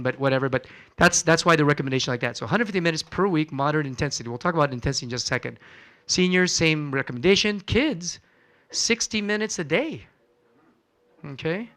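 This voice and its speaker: A male physician gives a conversational health lecture in a church hall as part of a wellness seminar, quizzing the audience and acting out conversations with patients. His clean voice is a little high, pushed and bright.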